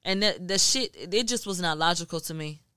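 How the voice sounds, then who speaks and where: A woman from Houston tells her story on a podcast, swearing freely and acting out what people said. Her voice sits a little low, yet it comes across bright and clean. The sound is dry and close, with no room around it. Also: a little fast, smooth, dry recording. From Houston, Texas. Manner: profane, animated storytelling with acted-out quotes. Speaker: guest media journalist. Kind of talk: casual podcast chat.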